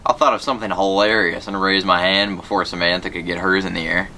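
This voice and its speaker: Bright-voiced man reading a children's book. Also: low-pitched, steady tone, fast. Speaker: reader. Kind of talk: reading a children's novel aloud.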